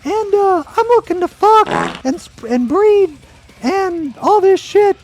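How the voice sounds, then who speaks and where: A man voicing a crude, flirty female alien caller in a high falsetto. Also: lively intonation, slow pace, a little mellow, exaggerated voice.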